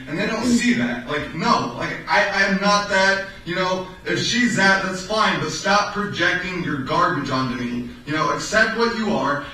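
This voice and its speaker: A man's voice: sits high, pushed and bright. Agitated young man, echoey and distant. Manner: agitated, aggrieved, repetitive, profane. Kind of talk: rambling monologue. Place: his apartment. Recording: echoey room from far off, faint noise.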